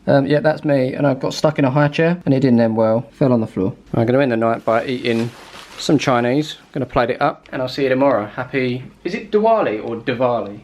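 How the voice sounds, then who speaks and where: A man's voice: mid-range voice, fast, darkish tone. A young man, chatting casually and upbeat to camera in a family vlog on a handheld camera. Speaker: family vlogger.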